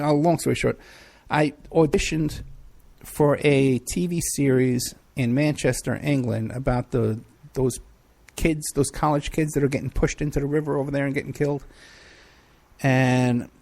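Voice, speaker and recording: A man's voice: medium pitch, gravelly, a little mellow. A middle-aged man hosting a live show, chatting casually and rambling through questions from the chat with many fillers. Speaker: podcast host.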